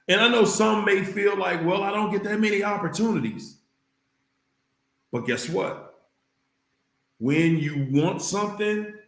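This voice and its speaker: A man talks slowly and deliberately, giving advice to his viewers. He repeats his points like a preacher and shouts out loud exclamations between them. His voice carries the echo of a bare room. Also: high-pitched, vocal fry. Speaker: livestream host reading viewer comments. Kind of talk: casual livestream talk.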